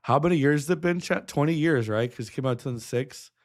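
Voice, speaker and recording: A man's voice: on the high side, fast. A young adult man streaming, reacting with emotion, choked up and nostalgic, humming a melody now and then.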